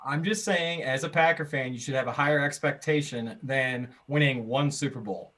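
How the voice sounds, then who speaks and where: An American man and podcast co-host in a casual sports debate, talking in an animated, argumentative way with many restarts. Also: medium pitch, normal speed.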